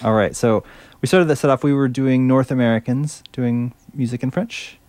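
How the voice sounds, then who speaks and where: A man's voice: medium pitch, steady tone, normal speed, darkish tone. A male radio host chatting casually between songs, enthusiastic and fumbling a little over French words.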